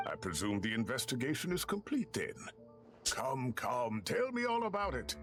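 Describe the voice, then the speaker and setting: Older gardening professor: fussy, lecturing, very animated delivery over music. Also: male voice, medium pitch, moderate pace.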